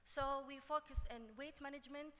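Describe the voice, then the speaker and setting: A woman giving a conference talk on clinical nutrition, halting with many fillers and restarts. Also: sits high, little pitch movement, a bit bright. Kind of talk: conference presentation. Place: conference hall. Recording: long hall reverb.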